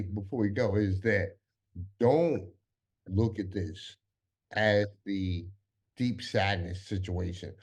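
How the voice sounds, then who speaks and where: A man co-hosting a podcast in casual conversation, often stopping and restarting his sentences. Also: medium pitch. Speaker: podcast co-host.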